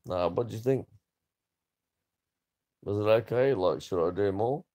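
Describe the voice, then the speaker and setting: A man in his thirties with a fairly low voice rambles through a casual vlog chat. He swears freely and drifts from one point to the next as he talks to the camera. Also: a little slow, warm tone. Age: 30s. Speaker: vlogger.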